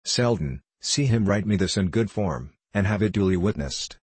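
A man's voice: deep voice, lively intonation, normal speed, darkish tone, husky, dry recording. A man reading the part of a scheming, merry medieval knight who speaks in a cool, mocking, lordly manner.

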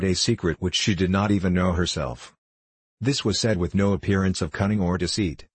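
A man narrating a classic novel in a measured, unhurried storytelling manner. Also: sits low, husky, no echo.

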